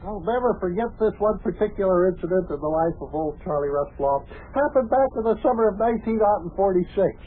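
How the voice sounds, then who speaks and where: A man's voice: high voice, lively intonation, a little fast, hardly any pauses, slightly rough. An actor playing a long-winded, chuckling male pal who rambles through folksy tall tales, on an old radio show. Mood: cheery. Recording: tinny old radio broadcast.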